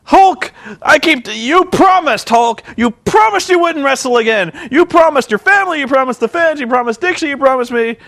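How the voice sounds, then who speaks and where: A man mimicking a grown man who loudly pleads and scolds, repeating himself insistently in a raised voice. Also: very high-pitched, animated, moderate pace, creaky, no room sound, voice pushed up, heavily acted. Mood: pleading. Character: whining, pleading grown man, a radio personality.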